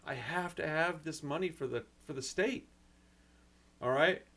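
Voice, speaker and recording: An American man who runs a record store and hosts his own channel rants emotionally to the camera, nearly in tears. His voice is slightly high, slightly slow, and a bit bright. He rambles with frustration, swears mildly, and keeps saying "man" and "dude."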